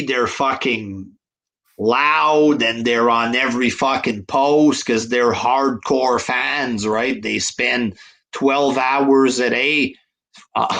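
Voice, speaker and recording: A man's voice: mid-range voice, slow, fairly bright tone. A man hosting a podcast, grumbling in a profane, dismissive way. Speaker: podcast host. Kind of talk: casual podcast rant.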